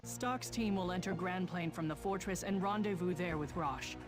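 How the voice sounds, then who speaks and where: Woman doing a no-nonsense game officer giving orders, crisp, music behind. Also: lowish voice, normal speed, natural voice. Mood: commanding.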